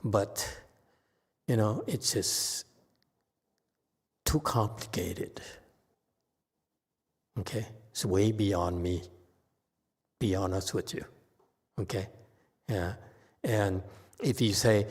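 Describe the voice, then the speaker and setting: Unhurried male meditation teacher in a reverberant hall, checking in with listeners as he talks. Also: lowish voice, breathy edge. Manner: unhurried, with frequent "okay?" checks. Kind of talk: dharma talk answering questions.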